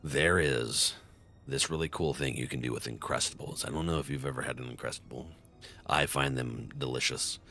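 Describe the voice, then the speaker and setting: A young man casually chatting on a live game stream into a close microphone, excitable and jokey, laughing often and reading chat aloud. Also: a bass voice, normal speed. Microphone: close desk microphone.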